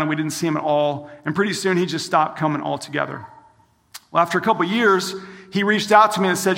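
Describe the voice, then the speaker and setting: A man's voice: high voice, gravelly, bright, forceful tone, in a large hall. A man, a campus minister, preaching a sermon and telling a story, acting out the lines of each person in it. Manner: storytelling, acts out quoted dialogue.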